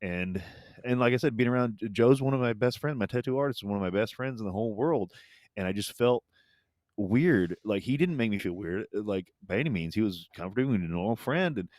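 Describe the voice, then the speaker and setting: A man in his forties co-hosting a podcast in casual chat, low-key and hesitant, with many fillers. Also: animated, fairly quick, a little mellow, dry recording, clean studio sound. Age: 40s. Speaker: podcast co-host.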